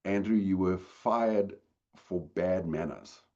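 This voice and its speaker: A man voicing a soft-spoken, timid grown man in a retold story, speaking in a subdued voice. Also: sits low, takes it slowly, dull audio.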